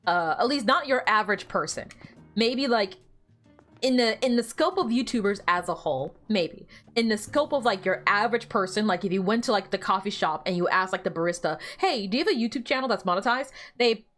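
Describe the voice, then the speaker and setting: A woman's voice: medium pitch, expressive, a little fast, fairly bright tone, faint music behind. A young woman streaming a game and chatting casually, teasing the characters on screen and laughing often. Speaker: gaming streamer. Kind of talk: casual gameplay livestream chat.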